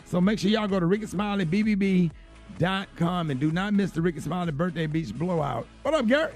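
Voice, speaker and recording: A man's voice: high voice, animated, brisk, darkish tone, soft background music. A man hosting a morning radio show, plugging an event in a folksy, upbeat way. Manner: folksy, upbeat promo delivery. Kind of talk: casual radio host chat.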